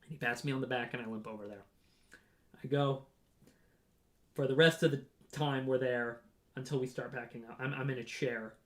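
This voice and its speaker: A man's voice: medium pitch, steady tone, moderate pace, pauses often. A young man casually telling a rambling story about a race, with frequent "right?" and "um" asides. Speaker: runner on a race team.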